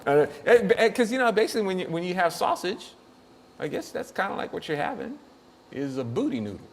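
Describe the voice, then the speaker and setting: A man's voice: high voice, very animated, brisk, a little hiss or hum. Joking, rambling male show host. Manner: jokey, rambling, laughs often. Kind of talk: casual comedic chat.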